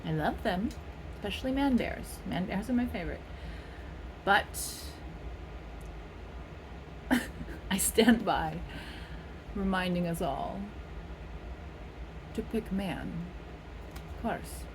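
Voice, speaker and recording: A woman's voice: mid-range voice, lively intonation, slow pace, pauses often, noisy background. A middle-aged woman from California giving a casual tarot reading, playful and rambling with frequent laughs. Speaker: tarot reader.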